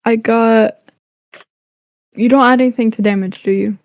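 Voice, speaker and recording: Higher-voiced woman player, unsure of rules. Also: fairly even intonation, moderate pace, a little mellow, no echo. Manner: unsure, asks about rules. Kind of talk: casual tabletop play.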